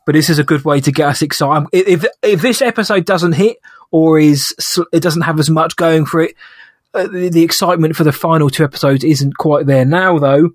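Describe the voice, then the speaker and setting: A man's voice: fairly high pitch, brisk, no echo, clean studio sound. A man co-hosting a podcast, chatting enthusiastically and rambling through his review. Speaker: podcast co-host. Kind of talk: casual podcast review chat.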